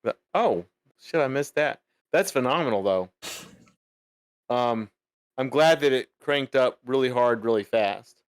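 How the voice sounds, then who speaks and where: A man co-hosting a casual podcast chat, joking and now and then slipping into goofy squeaky bits. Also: expressive, a little slow, pauses often, clear, resonant tone, dry recording, studio quality. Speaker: podcast co-host.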